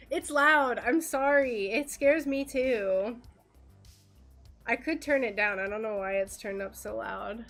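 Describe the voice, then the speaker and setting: American woman chatting on a craft stream, kinda high voice, giggly, lots of likes and ums. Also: slow, a bit bright, faint music behind. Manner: giggly, chatty, many fillers. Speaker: stained glass livestreamer. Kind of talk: casual chat while crafting on a livestream.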